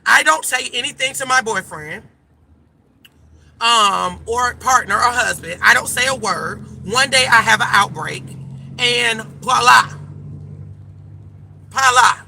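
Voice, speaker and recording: A woman's voice: fairly high pitch, lively intonation, unhurried, creaky, sharp tone, slight background noise. A woman life coach talking casually and emphatically to her viewers from a car, calling them y'all. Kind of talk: casual direct-to-camera chat.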